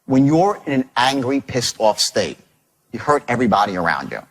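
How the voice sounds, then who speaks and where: A man telling a story as a sales trainer in a motivational seminar, talking in an animated, profane way with lots of emphatic repetition. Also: medium pitch, moderate pace.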